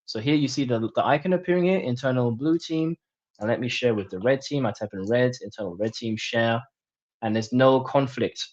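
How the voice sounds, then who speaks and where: A man presenting a webinar, walking through a software demo on screen share in a chatty, jokey way. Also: mid-range voice, fairly quick, muffled recording.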